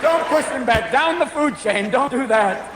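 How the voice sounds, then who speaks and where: Loud laughter and crowd noise fill this echoey stage recording of a man performing manic stand-up and switching between voices. The comedian's voice is very high-pitched and expressive, and he speaks a little slowly.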